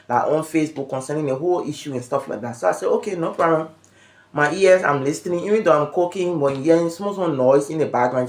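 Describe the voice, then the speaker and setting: A woman's voice: low voice, echoey room. A woman, hosting a casual gossip chat from home on her phone and telling the story with voiced quotes. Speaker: vlog host.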